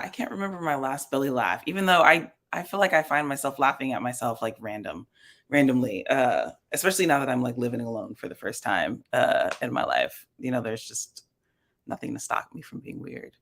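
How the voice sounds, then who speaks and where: Gravelly, hesitant guest speaker. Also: mid-range voice, a bit bright. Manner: hesitant, many fillers. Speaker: guest writer. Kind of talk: casual panel chat.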